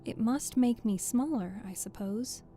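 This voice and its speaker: A woman's voice: on the high side, measured pace, dark tone, faint music behind, close to an everyday voice. A woman voicing Alice, a curious, polite young girl who thinks aloud to herself. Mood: musing.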